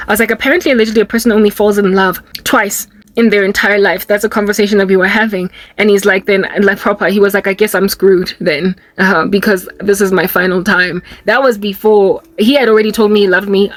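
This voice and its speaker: A young South African woman telling a candid, rambling personal testimony with quick asides. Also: medium pitch, fairly even intonation, no room sound. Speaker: Christian YouTuber.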